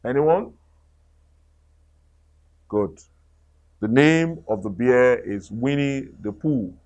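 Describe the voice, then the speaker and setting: A middle-aged man telling a children's story aloud. He reads slowly and expressively, his pitch rising and falling with lively swings, and he speaks at an average pitch for a man. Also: lo-fi sound. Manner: slow and expressive, asking children questions.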